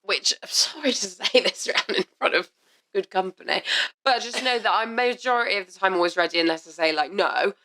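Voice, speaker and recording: A woman's voice: mid-range voice, a little fast, pushed and bright. A woman co-hosting a casual chat podcast, talking frankly, swearing freely and laughing easily, a little under the weather. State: slightly ill, blocked ears. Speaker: podcast co-host.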